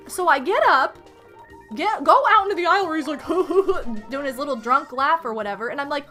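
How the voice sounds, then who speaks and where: A young adult woman streamer ranting to her chat in an exasperated, animated way, swinging between loud outbursts and muttered asides. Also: high-pitched, moderate pace, faint music behind.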